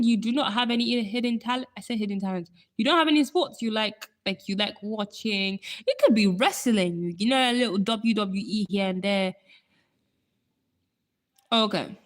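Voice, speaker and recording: A woman's voice: a little high, a bit bright. A young woman hosting a casual live stream, chatting with viewers and laughing often. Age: young adult.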